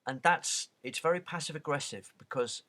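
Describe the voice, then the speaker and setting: A man reads a book aloud and breaks off into halting, casual commentary, full of restarts and repeated words. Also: fairly high pitch, sharp tone. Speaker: reader and commentator.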